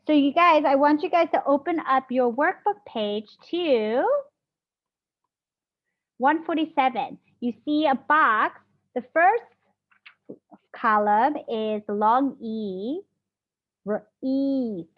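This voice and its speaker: Encouraging woman teacher, slow and high-voiced, muffled lo-fi sound. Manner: patient, encouraging, sounds out words slowly. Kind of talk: classroom phonics lesson. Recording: dull lo-fi classroom audio.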